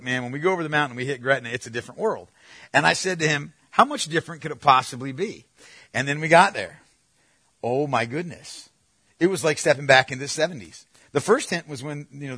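A man preaching a sermon as a pastor, talking conversationally with animated storytelling and frequent restarts. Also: fairly high pitch, no room sound.

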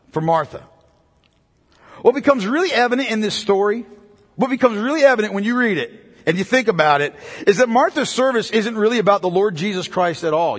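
A man's voice: high voice, fairly bright tone, big-room sound. A pastor preaching a sermon, driving his points home through repetition and rhetorical questions.

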